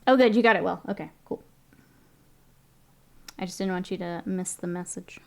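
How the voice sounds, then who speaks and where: A woman's voice: fairly low pitch, moderate pace, gravelly, a little mellow. Woman, young adult, casual livestream chat, laughs often, answers chat. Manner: chatty, laughs often, reads chat aloud. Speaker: streamer painting miniatures.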